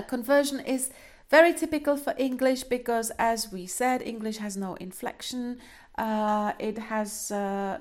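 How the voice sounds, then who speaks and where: A woman's voice: a little high, darkish tone. A woman giving a classroom lecture, explaining step by step with many fillers and a frequent checking "okay?". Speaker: linguistics lecturer.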